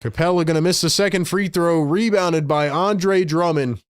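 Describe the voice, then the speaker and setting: Calling basketball play-by-play on his live stream, a man with a fairly high voice speaks at normal speed, frustrated and exasperated at his team. He talks to viewers throughout, and the studio-quality recording has no echo.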